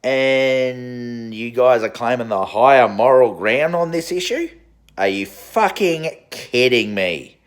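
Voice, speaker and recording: A man's voice: mid-range voice, animated, slow pace, clean tone. A man with an Australian accent giving a profane, sarcastic political rant as a vlogger. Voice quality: swears constantly, sarcastic and heated.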